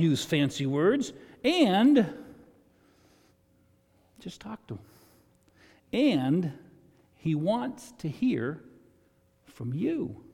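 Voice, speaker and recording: A man preaching to his congregation in an easygoing, talky way, his voice sitting a touch above the usual male range. He lifts into loud, high bursts when he wants a point to land. The sound carries the long ring of a church hall. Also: creaky, husky. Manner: conversational preaching, swells loud and high for emphasis. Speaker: pastor. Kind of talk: sermon. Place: church sanctuary.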